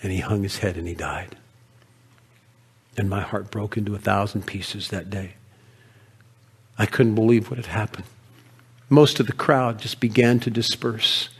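A man performing a dramatic first-person monologue as an earnest merchant, an emotional storyteller who swings from loud to hushed. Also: fairly low pitch, fairly even intonation, unhurried, pauses often, breathy edge, full character voice. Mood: grieving. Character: earnest male merchant telling his story.

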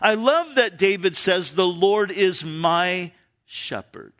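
Lively, bright-voiced male pastor preaching. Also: takes it slowly. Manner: animated preaching, drops low for emphasis. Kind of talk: sermon.

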